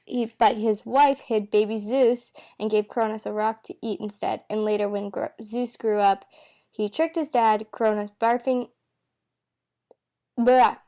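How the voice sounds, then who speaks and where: A woman's voice: medium pitch, steady tone, normal speed, dark tone. A woman reading a novel aloud in a casual, unpolished way, tripping over words and correcting herself, with the characters' lines in her own voice. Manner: stumbles and corrects herself with asides. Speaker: amateur reader.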